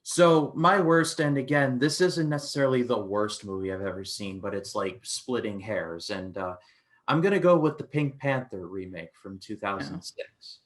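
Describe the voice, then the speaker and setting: A man co-hosts a casual film podcast. His voice sits somewhat low, and he rambles through restarts while retelling scenes. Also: normal speed. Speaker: co-host and film reviewer. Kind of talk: casual film review chat.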